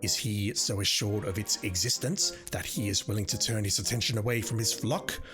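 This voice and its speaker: A man's voice: lowish voice, steady tone, a little fast, natural voice. A man voicing a scheming evil male wizard, reading a letter with theatrical pomp over game music.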